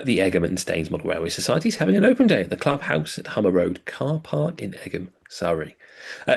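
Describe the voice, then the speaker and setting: A man's voice: lowish voice, gravelly. A man co-hosting a hobby podcast, reading out event listings with dry, rambling jokes. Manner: dry, jokey, rambling asides. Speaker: podcast co-host.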